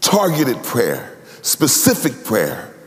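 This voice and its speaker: A man preaching a sermon in a sing-song cadence, swinging from loud cries down to low murmurs. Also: wildly swooping pitch, takes it slowly. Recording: echoey hall.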